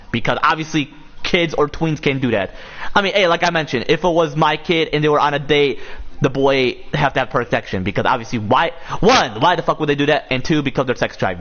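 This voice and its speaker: A man's voice: fairly high pitch, a bit bright. Rambling man live-streaming, muffled audio. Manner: rambling with many restarts and fillers. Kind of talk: casual live-stream chat.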